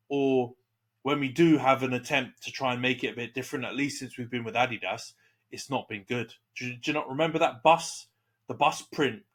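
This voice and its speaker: A young man co-hosting a casual football podcast, often stumbling over repeated words. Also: mid-range voice. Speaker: podcast co-host, Man Utd fan. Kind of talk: casual banter about football.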